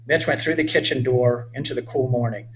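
A man reading his children's book aloud in a clear, measured storytelling manner. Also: medium pitch, steady tone, fairly bright tone, a little hiss or hum, low-quality recording.

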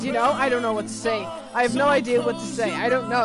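A young woman streams a game live, talking in a high voice that rambles and swears when flustered. Loud game music plays beneath her the whole time. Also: steady tone, a little fast, hardly any pauses. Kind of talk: live gameplay commentary.

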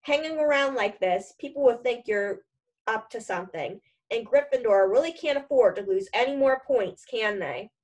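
A woman reading aloud as a stern, sneering male teacher, smooth and menacing. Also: fairly high pitch, animated, normal speed, a little mellow, lo-fi sound.

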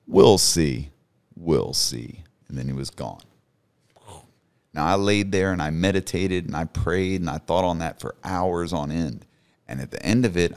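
Man, thirties, very low voice, earnest, emphatic, podcast guest storytelling. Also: darkish tone. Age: 30s. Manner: earnest, emphatic, repeats for stress. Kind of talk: personal storytelling in a podcast interview.

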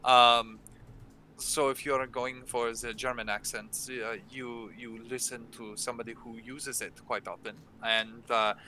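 Hosting a tabletop game workshop as dungeon master, a man fields questions casually, often hesitating and restarting. His mid-range voice keeps a level tone at a measured pace, sounding bright and forceful. Slight background noise is present.

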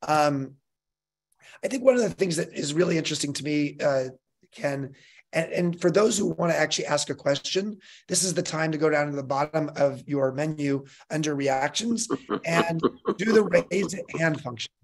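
A man hosting a live online fireside chat, upbeat and quick to laugh, moving the talk along with brisk announcements. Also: fairly high pitch. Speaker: host.

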